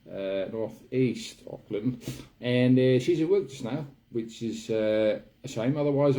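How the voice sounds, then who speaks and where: A man doing a comic impression of a chatty older New Zealand mountaineer, with a put-on New Zealand accent and halting speech full of fillers. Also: mid-range voice, dark tone, natural voice. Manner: rambling, halting with many fillers. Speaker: guest host in character. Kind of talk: comic impression on a live stream.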